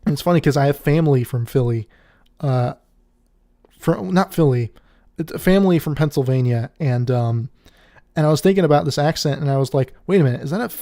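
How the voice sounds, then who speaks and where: A man's voice: a little high, a little mellow. A man giving a casual, rambling album review, often laughing and cutting himself off mid-thought. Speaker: music reviewer.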